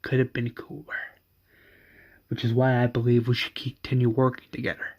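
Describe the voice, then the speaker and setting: A man voicing a calm, scheming male crime boss who talks smoothly and persuasively. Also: medium pitch, moderate pace, highs cut off.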